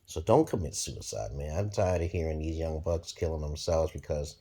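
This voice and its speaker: Deep husky man ranting bluntly. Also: moderate pace. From Brooklyn, New York, USA. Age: 40s. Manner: profane, blunt, rambling with sudden loud jumps. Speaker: vlogger. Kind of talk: rambling monologue to camera.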